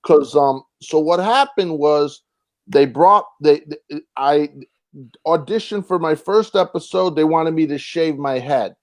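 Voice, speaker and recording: A young man, a comedian and actor, telling a rambling, animated story with frequent restarts and casual swearing. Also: a little high, unhurried. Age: young adult.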